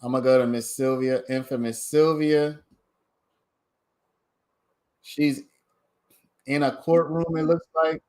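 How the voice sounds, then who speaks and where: A man chats through a livestream at an unhurried pace, speaking directly to his audience as he comments. His voice sits a little high for a man, and he takes his time working through each point. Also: level tone, darkish tone. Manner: chatty, talks straight to viewers as "y'all". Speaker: livestream host commenting on a trial.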